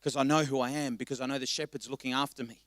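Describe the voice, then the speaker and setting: A male pastor preaching a passionate sermon, swinging between quiet reflection and loud exhortation. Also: medium pitch, steady tone, rapid-fire, no room sound, studio quality. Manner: impassioned, rising to loud exhortation.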